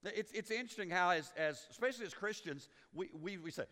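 A man preaching with a high, bright voice that carries through a long-reverb church hall. He teases his congregation in a folksy way and acts out quotes as he goes. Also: expressive, normal speed, hardly any pauses. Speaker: pastor. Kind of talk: sermon. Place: church sanctuary.

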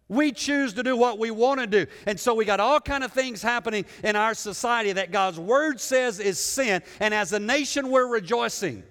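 A male pastor preaching a sermon with dramatic swings between loud emphasis and hushed lows. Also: normal speed, hardly any pauses. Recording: long hall reverb.

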